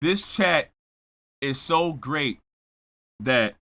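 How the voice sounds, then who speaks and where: Male streamer, from Buffalo, New York; high, sharp voice, loud and excitable, shouting out to viewers. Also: very slow. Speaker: streamer reacting to music. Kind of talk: live-stream reaction chat.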